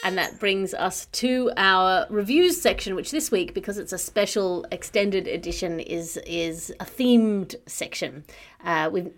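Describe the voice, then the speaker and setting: A woman's voice: medium pitch, unhurried. Dry-witted woman podcast host. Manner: dry quips, introduces segments. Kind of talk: comedy podcast hosting.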